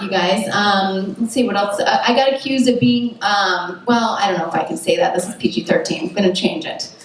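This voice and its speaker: A young woman performing a stand-up comedy set, chatty and self-mocking, full of "like" and "you know what I mean". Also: medium pitch. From United States. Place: comedy club stage at a festival. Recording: very echoey distant room recording with noise. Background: audience laughter.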